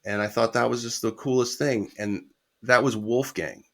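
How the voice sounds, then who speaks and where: A man's voice: medium pitch, steady tone, normal speed, vocal fry, fairly bright tone. A middle-aged man, a guest musician, telling a casual anecdote with quoted dialogue and the odd swear word.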